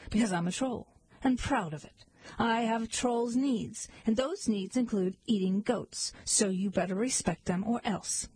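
Gruff, hungry male troll for a storybook read-aloud, put on by a woman, breathy and dry. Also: on the high side, unhurried, a little mellow, no echo. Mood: menacing. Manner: gruff, then pleading and sobbing. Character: hungry self-pitying male bridge troll.

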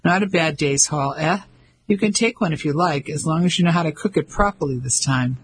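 A man's voice: a little high, brisk, breathy edge. A man voicing a bold, flirtatious French fisherman in an audiobook. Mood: teasing. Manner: teasing, boisterous.

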